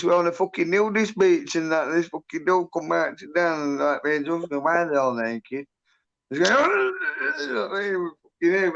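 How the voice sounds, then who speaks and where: A man's voice: a little high, gravelly, fairly bright tone. Rambling, sweary man. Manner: rambling, swears constantly, says "and that". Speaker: livestream host. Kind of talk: casual chat. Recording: dull lo-fi stream audio.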